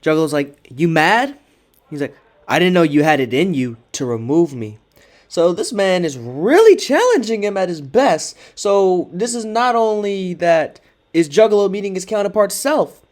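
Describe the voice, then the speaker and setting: A man's voice: high voice, animated, moderate pace, darkish tone. A man giving casual commentary, reading out text messages in a sarcastic, mocking way. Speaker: commentary creator.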